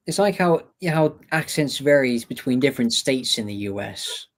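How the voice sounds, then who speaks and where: A man's voice: mid-range voice, animated, normal speed, a little hiss or hum. A man from near Cambridge, England, a laid-back guest in a casual panel chat.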